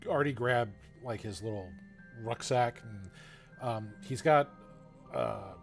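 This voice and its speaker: A man running a tabletop game as game master, narrating with halting phrases and frequent fillers. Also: medium pitch, darkish tone. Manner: halting, many fillers, laughs often.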